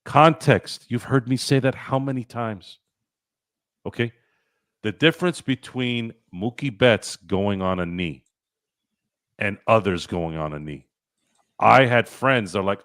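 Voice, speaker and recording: A man's voice: lowish voice, a little slow, long pauses, fairly bright tone, no echo, studio quality. A man hosting a sports talk show, ranting bluntly and swearing freely. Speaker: podcast host.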